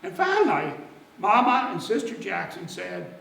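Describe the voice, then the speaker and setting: A man telling a folksy story in dialect at a church service, animated and lively. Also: high-pitched, normal speed, vocal fry, roomy sound, recorded from a distance, low-quality recording. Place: church sanctuary.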